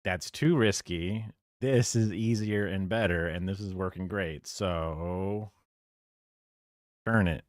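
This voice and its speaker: Low-voiced man rambling on a live stream. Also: slow pace, no room sound, studio quality. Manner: rambling, chuckles at what he watches. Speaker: streamer reacting to a video. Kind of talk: casual live-stream commentary.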